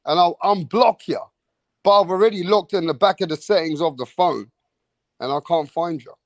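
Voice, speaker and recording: Man, exasperated live-stream rant, swears a lot, fairly high voice, dry sound. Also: normal speed, no room sound. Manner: profane, exasperated, repeats "bro" and "man". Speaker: host of a live online boxing show.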